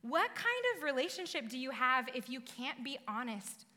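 Bright-voiced woman preaching in an echoing hall. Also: high voice, expressive, moderate pace. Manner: conversational and emphatic, rising to bursts of intensity. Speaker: pastor. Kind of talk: sermon. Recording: long reverb of a large hall.

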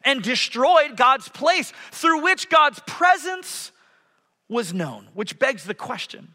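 A man preaching a sermon as a pastor in a church, animated, swinging from loud passages to hushed ones. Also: very high voice, takes it slowly. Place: church sanctuary. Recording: hall reverb.

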